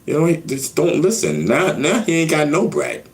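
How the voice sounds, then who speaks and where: A man's voice: fairly high pitch, wildly swooping pitch, normal speed. A man hosting a casual livestream with speech, rambling and often repeating "you know what I mean.". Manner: gets loud and shouty when worked up. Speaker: livestream host.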